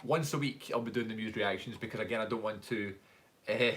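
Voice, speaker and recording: A young man from Scotland speaks fast in a lowish, slightly bright voice with a Glaswegian accent. As a YouTuber and actor hosting a live stream Q&A, he chats casually, rambles through stories, and laughs frequently.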